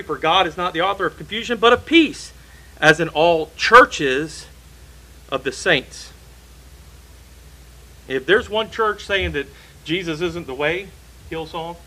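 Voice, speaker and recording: A man's voice: on the high side, sharp tone, poor audio. A man preaching a sermon in a church, emphatic and repeating key phrases for stress.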